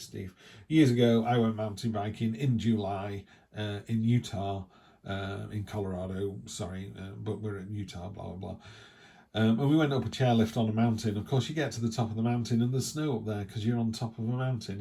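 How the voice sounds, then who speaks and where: A middle-aged man talks through a tarot reading. His voice sits a little low and sounds warm and mellow. He rambles in a chatty way, with animated asides. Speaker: tarot reader. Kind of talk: casual spoken tarot reading.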